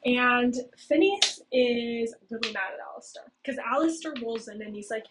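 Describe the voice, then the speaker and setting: A chatty young woman hosts a video, giving a casual plot recap at normal speed with hardly any pauses. She leans heavily on "like" and "okay?", and her cheap home mic sounds noisy and low-quality, with clicks.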